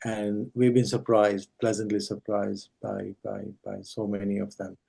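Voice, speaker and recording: A man who organizes a scripture study series, gently encouraging and advising the speakers over a video call. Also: lowish voice, monotone, a little slow, vocal fry. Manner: gentle, encouraging, gives friendly advice. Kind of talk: devotional group discussion on a video call.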